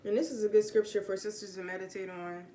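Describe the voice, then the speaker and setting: A woman's voice: medium pitch, quick pace, reverberant, a little hiss or hum. Rambling woman teaching scripture casually. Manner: relaxed, rambling, many fillers and self-corrections. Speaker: vlogger giving Bible teaching. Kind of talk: casual spoken Bible teaching. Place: home room with pets.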